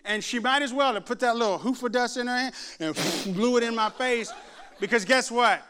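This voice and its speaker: A man's voice: very high-pitched, normal speed. A middle-aged man preaching a sermon, telling stories with humor and acting out the voices of others. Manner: animated, jokes and mimics voices. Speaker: pastor. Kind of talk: sermon with storytelling. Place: church before a laughing congregation.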